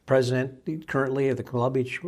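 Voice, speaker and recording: A man's voice: mid-range voice, fairly even intonation, darkish tone. A man hosting a casual podcast, steering the talk and asking his co-hosts questions. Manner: moderating, asks questions, quick laughs. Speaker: podcast host. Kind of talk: casual chat.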